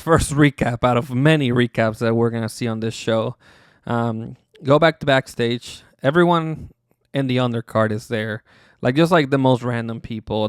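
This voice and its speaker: A man's voice: mid-range voice, clean tone, no echo, studio quality. A man hosting a podcast, recapping casually in a rambling, profane way, full of fillers and chuckles. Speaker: podcast host.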